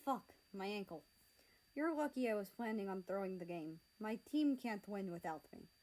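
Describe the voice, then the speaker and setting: A woman's voice: medium pitch, expressive, moderate pace, close to an everyday voice, low-quality recording. Reserved teen boy, curt, mumbled answers, read by a woman. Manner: curt and quiet. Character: tall reserved teenage boy, school president.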